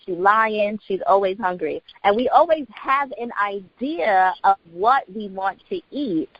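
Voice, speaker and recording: A woman's voice: mid-range voice, animated, measured pace, no echo, highs cut off. A woman guest co-hosting a podcast, confidently explaining her view in casual chat.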